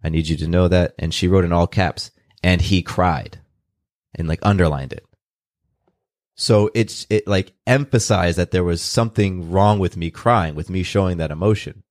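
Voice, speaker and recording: Low voiced guy from california, earnest and open, dry close sound. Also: no room sound. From California, USA. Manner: open, earnest, unhurried with restarts. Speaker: guest. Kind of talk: reflective personal storytelling.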